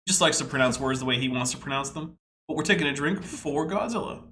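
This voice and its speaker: A man's voice: mid-range voice, fast talker, pushed and bright, slight background noise. A man hosting a casual commentary podcast, exasperated and nitpicking as he lectures about a video. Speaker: podcast host.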